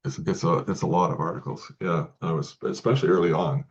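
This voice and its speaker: A man speaking as an interview guest, talking in halting sentences with many restarts and repeated words. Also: deep voice, fairly even intonation, lo-fi sound, slight background noise. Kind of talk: casual interview talk.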